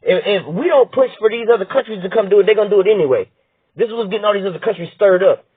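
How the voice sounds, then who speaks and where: Brief: blunt, profane male commentator with a husky voice, recorded dry on thin phone-like audio. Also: high-pitched, fast talker, dry recording. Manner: blunt, profane, rhetorical, repeats "all right?". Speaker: political commentator. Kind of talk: heated profane commentary reading news aloud. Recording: tinny phone-like dry sound.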